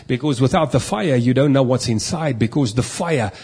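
A man's voice: medium pitch, normal speed, darkish tone, husky. A male pastor preaching with an emphatic, repetitive cadence. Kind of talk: sermon.

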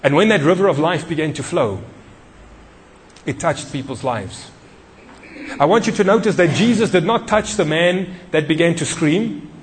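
A man preaching in a church with a fairly high voice. He drives each point home with repetition and questions to the listeners. His words ring out in a long echoing hall. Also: animated, moderate pace, long pauses, slight background noise. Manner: emphatic, repeats key phrases, questions the congregation. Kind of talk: sermon.

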